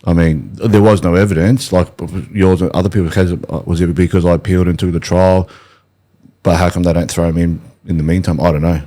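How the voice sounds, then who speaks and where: Australian podcast host, low and mellow voice, rambling and hesitant. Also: male voice, steady tone, brisk. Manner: rambling, hesitant, full of restarts. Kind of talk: casual conversation.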